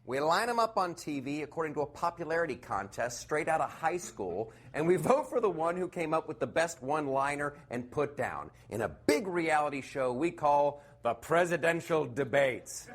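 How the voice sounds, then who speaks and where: Animated, sarcastic male comedian. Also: a little high, moderate pace, few pauses. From United States. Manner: animated, sarcastic, laughing at his own jokes. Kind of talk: stand-up comedy monologue.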